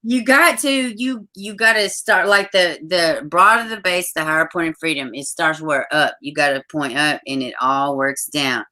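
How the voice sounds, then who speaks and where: Bright-voiced woman, blunt, swearing freely. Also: deep voice, moderate pace, few pauses. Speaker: channel host. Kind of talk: casual live-stream chat.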